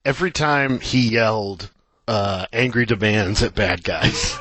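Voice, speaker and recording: A man's voice: lowish voice, a little slow, fairly bright tone. A man co-hosting a casual film podcast, joking around and throwing in silly impressions. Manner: jokey, does silly impressions. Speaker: podcast co-host.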